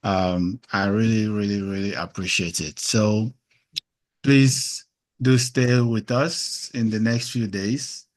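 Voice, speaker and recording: Man, host, deep voice, repeats his thanks, video call sound. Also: steady tone, takes it slowly. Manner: effusively thankful, repeats himself.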